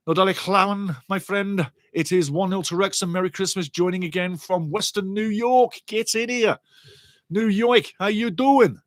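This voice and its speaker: A man giving lively, chatty live football watchalong commentary and greeting viewers in the chat. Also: on the high side, no echo, clean studio sound.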